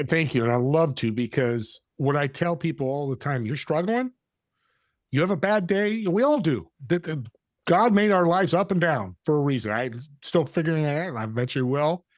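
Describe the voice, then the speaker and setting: A man guest on a podcast, telling a story in an animated way and acting out the dialogue. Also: mid-range voice, no room sound, studio quality. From California.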